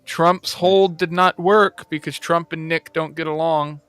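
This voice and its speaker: Bright-voiced man explaining election results. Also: fairly high pitch, steady tone, a little slow, clear, resonant tone, no room sound, soft background music. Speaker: livestream guest. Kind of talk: casual livestream talk.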